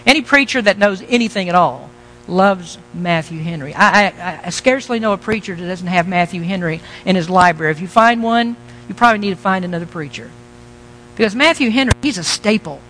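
Male pastor, middle-aged, high bright voice, conversational sermon, faint noise. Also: poor audio. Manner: conversational, asks the congregation questions, teasing asides.

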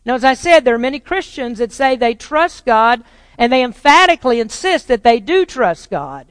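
A pastor preaching to a congregation in a large church hall, the voice trailing into a long reverb. The delivery swings from loud, rising proclamation down to quiet, pointed rhetorical questions. The voice sits at a middle pitch, and the nearby sound of the speech itself stays dry. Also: big pitch swings, normal speed, clean tone. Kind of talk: sermon.

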